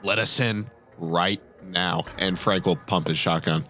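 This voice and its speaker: Deep, matter-of-fact male player. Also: steady tone, a little slow, bright, forceful tone, faint music behind. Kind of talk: casual tabletop play.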